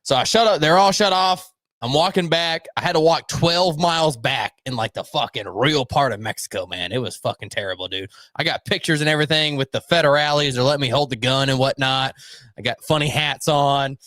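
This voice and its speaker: Young male co-host, loose profane storyteller, dry close sound, average pitch. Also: a little fast, a bit bright, no room sound. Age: young adult. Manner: rambling, swears a lot, acts out voices in anecdotes. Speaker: podcast co-host.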